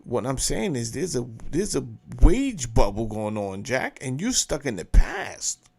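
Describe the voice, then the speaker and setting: A man's voice: mid-range voice, sing-song, unhurried, gravelly, darkish tone. A man hosting his own show, giving blunt, profane, emphatic commentary in a casual rant. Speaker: show host commenting on a clip.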